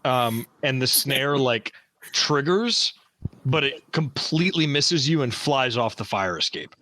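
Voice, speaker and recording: A man's voice: mid-range voice, animated, measured pace, bright, forceful tone, no echo. A man running a tabletop game as game master, laid-back and jokey, laughing often.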